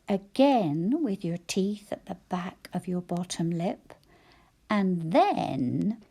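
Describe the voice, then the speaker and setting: A woman teacher slowly sounding out letters and syllables for young children in a phonics lesson, praising them cheerfully. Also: fairly low pitch, big pitch swings, dark tone, husky. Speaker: primary school teacher.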